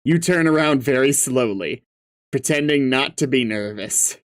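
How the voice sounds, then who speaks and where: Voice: medium pitch, a little slow, no echo. A casual narrator reading a webcomic aloud, with laughing, swearing asides. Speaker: webcomic reader.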